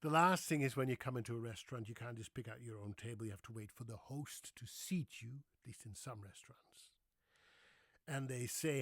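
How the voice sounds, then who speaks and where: A man's voice: mid-range voice, brisk, dry recording, studio quality. A man with a Dutch accent, hosting a casual explainer, telling stories and acting out quoted dialogue. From Netherlands. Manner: storytelling, acting out quoted dialogue with lively shifts. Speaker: English-language video host. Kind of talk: anecdotal explainer monologue.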